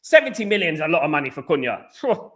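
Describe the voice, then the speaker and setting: Bright, fired-up man ranting. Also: on the high side, sing-song, fast, husky. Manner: heated, repetitive, talks back to chat. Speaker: football podcast host. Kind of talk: casual live-stream rant.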